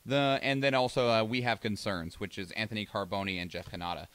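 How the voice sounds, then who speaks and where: A man co-hosting a podcast in relaxed chat, who keeps things moving briskly. His voice is bright and forceful, and it sounds close and dry with no room echo. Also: fairly low pitch, smooth. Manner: brisk, moves the show along. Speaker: podcast co-host.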